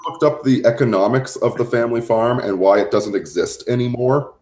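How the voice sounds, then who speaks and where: A man's voice: medium pitch, fairly quick, a little mellow. A man co-hosting a livestream, cutting in with dry, sarcastic quips. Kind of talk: casual chat. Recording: echoey room.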